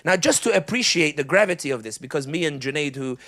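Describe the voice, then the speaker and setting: A middle-aged man delivers a live speech in a fairly high voice. He tells stories animatedly and slips in comic asides. He speaks as a public speaker addressing an audience. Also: lively intonation, quick pace, a bit bright. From United Kingdom.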